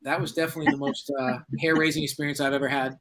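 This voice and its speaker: Speaking very fast in a fairly high voice, this man in his forties, a paranormal investigator from New England, recounts a story during a casual interview as a podcast guest. He's an animated storyteller who performs the dialogue himself, though the recording quality is low.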